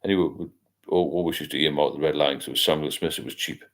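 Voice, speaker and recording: Older man, very low voice, rambling livestream host, casual chat. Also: fairly even intonation, fast. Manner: rambling, reads out viewer comments.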